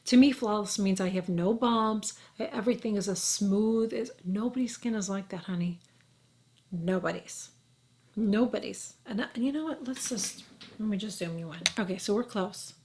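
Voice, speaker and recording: A woman's voice: medium pitch, normal speed, a little mellow, a little hiss or hum. A woman in her forties, a beauty vlogger talking casually to camera in a chatty, reassuring way, sometimes dropping to a whisper. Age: 40s.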